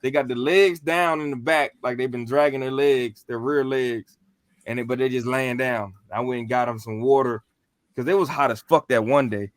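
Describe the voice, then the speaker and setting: A man on a podcast casually telling a paranormal story, animated and full of slang and cursing. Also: medium pitch, moderate pace, dry recording. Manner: animated, profane, slangy, acts out what he said.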